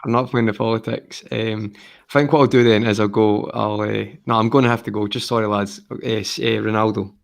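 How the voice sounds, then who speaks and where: A man's voice: lowish voice, steady tone, brisk, gravelly. A man playing a football quiz, thinking aloud in a hesitant way. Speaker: quiz contestant. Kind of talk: casual podcast quiz chat.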